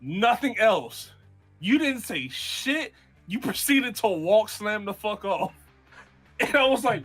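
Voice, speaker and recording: A man's voice: extremely high pitch, animated, takes it slowly, pauses often, fairly bright tone, faint music behind. A man co-hosting a podcast, teasing and laughing often, acting out quotes in casual chat. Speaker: podcast co-host.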